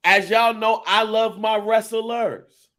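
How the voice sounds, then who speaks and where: A man co-hosting a casual podcast, talking in an animated, emphatic and profane way. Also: sits high, takes it slowly. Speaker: podcast co-host.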